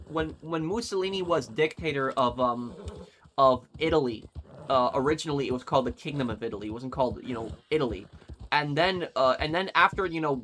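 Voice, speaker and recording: A young man talks loosely at an ordinary mid pitch while he plays and reads viewer comments. His chat is rambling and wanders off on tangents. A faint noise sits under his voice. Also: fairly bright tone. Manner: rambling, digressive. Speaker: gaming streamer. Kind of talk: casual chat reading live comments while gaming.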